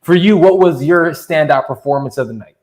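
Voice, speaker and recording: Animated, profane man in an echoey room. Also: on the high side, a little fast. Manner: animated, profane, laughs a lot. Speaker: podcast co-host. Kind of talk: casual fight recap chat. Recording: roomy echo.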